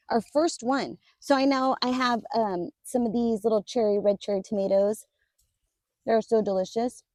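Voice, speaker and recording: A woman's voice: a little high, normal speed, warm tone, dry recording, clean studio sound. A woman casually touring her garden for viewers, chatty and upbeat, often calling out to "you guys" and laughing as she talks. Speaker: garden vlogger. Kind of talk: casual garden tour vlog. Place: outdoors in a garden.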